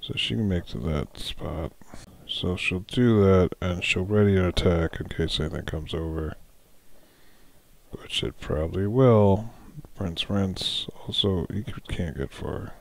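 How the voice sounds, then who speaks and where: A man's voice: deep voice, measured pace, creaky. A man running a solo tabletop game as dungeon master, musing aloud, correcting himself and chuckling often.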